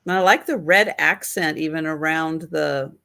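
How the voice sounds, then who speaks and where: A woman's voice: low-pitched, moderate pace, vocal fry, pushed and bright, rough recording. A woman hosting a live online vintage sale, describing items and calling out bids. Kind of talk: live online sales auction.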